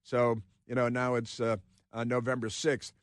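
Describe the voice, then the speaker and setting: A man's voice: medium pitch, monotone, moderate pace, no room sound, clean studio sound. A man hosting a talk radio show, rambling sardonically between headlines he reads aloud.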